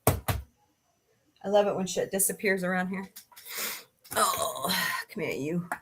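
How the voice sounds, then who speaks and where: A woman's voice: on the low side, slow pace, slight background noise. A woman hosting a casual livestream, chatting in a goofy, easygoing way as she greets viewers in the chat. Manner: chatty, goofy, laughs easily. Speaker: livestream host. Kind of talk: casual chat reading live comments. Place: home, cats nearby.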